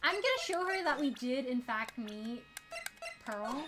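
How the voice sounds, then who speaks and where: A woman's voice: high voice, lively intonation, unhurried, background noise. A woman streaming a game live, reading its dialogue aloud and reacting expressively.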